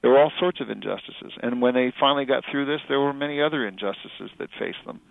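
A middle-aged male author and journalist answering interview questions in a thoughtful, halting way with many fillers and restarts. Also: medium pitch, creaky. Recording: dry tinny phone-like radio audio.

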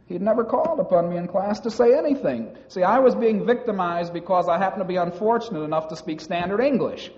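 This former university student speaks publicly about his time on campus, telling personal stories steadily though he sometimes falters and starts over. He has a high-pitched, somewhat dark voice, captured on a dull lo-fi recording in an echoing hall.

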